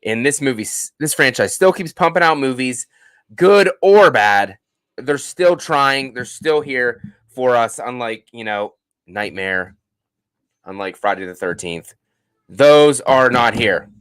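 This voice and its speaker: Male stream host, casual chat, jokey, lively pitch, dry close sound. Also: unhurried, smooth, dry recording. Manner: animated and jokey, many fillers and restarts. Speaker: host of a horror movie channel. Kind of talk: casual live-stream chat, reading viewer comments.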